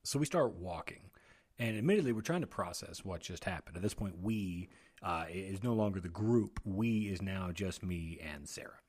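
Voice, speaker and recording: A man's voice: deep voice, animated, normal speed, darkish tone. An American man casually telling a rambling personal story, with many restarts and laughing asides. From United States.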